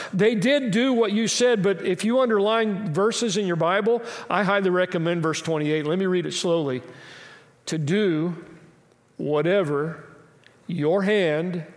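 Guy preaching w a high voice, lots of rhetorical questions + little jokes, long echo in the church. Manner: emphatic, rhetorical questions, humorous asides. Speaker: pastor. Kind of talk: sermon. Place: church sanctuary. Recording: long hall reverb.

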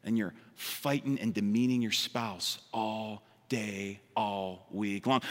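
A man preaching a sermon, animated, sometimes mimicking others in a higher voice and dropping to a quiet, intense tone for emphasis. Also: a little slow, vocal fry, big-room sound. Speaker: pastor.

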